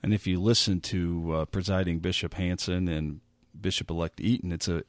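A man hosting a radio talk show, reading listener email in a measured way. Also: low voice, steady tone, no echo.

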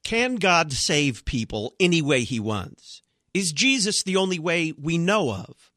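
A man hosting a radio talk show, explaining a sermon and promoting a journal in a measured way. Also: on the high side, very animated, bright, forceful tone, no room sound, clean studio sound. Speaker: radio host.

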